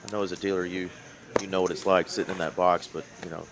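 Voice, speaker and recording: A man commentating a live poker stream in a relaxed, chatty way. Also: deep voice, fast, creaky, background noise. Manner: relaxed, conversational, chatty asides.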